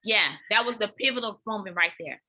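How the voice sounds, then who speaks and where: A woman guest on a podcast, candidly telling her personal story in an animated way, often talking straight to listeners and repeating words as she goes. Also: medium pitch, fairly quick. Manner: animated, addresses listeners as y'all, repeats words when emotional. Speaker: podcast guest, dance fitness coach.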